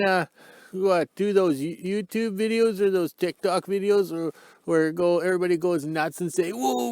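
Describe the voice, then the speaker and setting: A man's voice: high-pitched, smooth, no room sound, studio quality. A man, rambling and joking in a folksy way, recording a casual vlog outdoors in the cold on his phone. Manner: folksy, joking, ends sentences with "eh". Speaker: vlogger. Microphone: phone camera.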